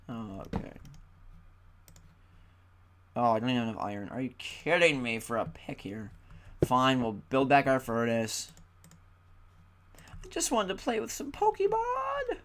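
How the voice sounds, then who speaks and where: A man's voice: on the low side, gravelly. A tired young man giving casual, chatty gaming commentary and grumbling at the game. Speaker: gaming YouTuber. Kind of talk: casual Let's Play commentary. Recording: loud background noise.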